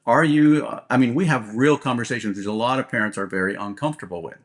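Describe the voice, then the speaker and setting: A man's voice: fairly low pitch, very fast. A man, a police officer guest, talking bluntly and plainly in an interview, often checking in with "right?". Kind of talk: candid interview talk.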